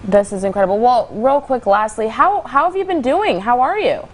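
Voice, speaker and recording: A woman's voice: fairly high pitch, animated, moderate pace. A woman hosting a morning TV interview who reacts with enthusiastic exclamations. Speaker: morning TV host.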